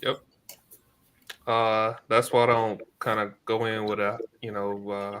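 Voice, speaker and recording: A man co-hosting a casual podcast chat, speaking in a relaxed way with frequent hesitations; English is not his first language. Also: on the low side, clear, resonant tone. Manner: relaxed, speaks slowly and evenly, many "uh" fillers. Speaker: co-host, real estate investor.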